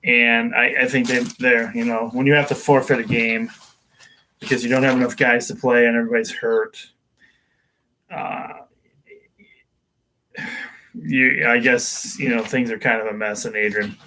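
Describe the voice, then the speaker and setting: A man's voice: medium pitch, fairly even intonation, normal speed, pauses often, pushed and bright, poor audio. A man hosting a casual local sports show, rambling through predictions with many restarts and "uh"s. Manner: rambling, with frequent fillers and restarts.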